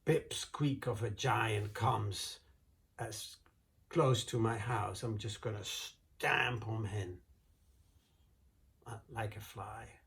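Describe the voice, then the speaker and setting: A man's voice: on the low side, fairly even intonation, slow, gravelly, long pauses, fairly bright tone, full character voice. A man voicing a boastful male hero giant, bragging and blustering.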